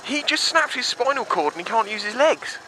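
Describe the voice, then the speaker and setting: A man voicing a friend's mum as a calm, offhand middle-aged woman, over engine noise. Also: very high-pitched, brisk, voice pushed up.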